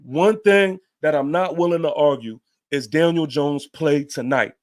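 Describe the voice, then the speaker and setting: A man's voice: fairly high pitch, measured pace, hardly any pauses. A man hosting a fan show, giving a heated, emphatic post-game rant with casual swearing and repeated points.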